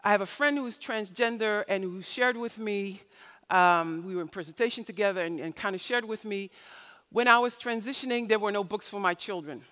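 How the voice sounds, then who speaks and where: In a large, echoing conference hall, a woman gives her keynote speech, telling expressive stories and voicing the characters she quotes. Her delivery is brisk, her pitch medium, and her tone fairly bright.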